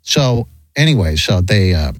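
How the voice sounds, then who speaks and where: A middle-aged man rambles through a story with many restarts, acting out the other people in it. His pitch swings up and down a lot. The sound is dry and close, with no room around him. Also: measured pace, no room sound. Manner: rambling, animated, lots of restarts and acted quotes. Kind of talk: casual storytelling chat.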